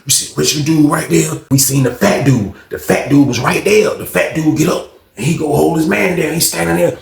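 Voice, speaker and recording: A man telling a casual storytime tale, in an animated, slangy and profane way, acting out other people. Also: on the high side, a little fast, creaky, echoey room.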